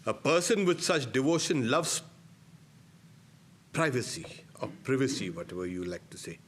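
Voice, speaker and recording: A middle-aged man, a swami giving a spiritual discourse, emphatic and given to soft laughs at his own points. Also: mid-range voice, very animated, a little fast.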